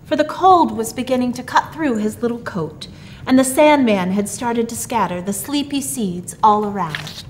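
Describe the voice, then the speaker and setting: Expressive woman reading a storybook. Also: on the high side, normal speed. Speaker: storyteller, theatre actor.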